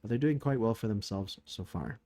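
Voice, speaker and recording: A man's voice: on the low side, brisk, dark tone, dry recording. A man casually recapping a turn of a strategy board game, thinking aloud with many fillers, tired late at night.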